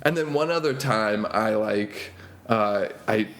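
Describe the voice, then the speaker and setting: A young man, a comedian, telling stories in casual podcast chat and acting out the voices of the people he met. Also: slow. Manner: animated storyteller, acts out quoted voices in a higher pitch. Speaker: comedian guest. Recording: roomy echo.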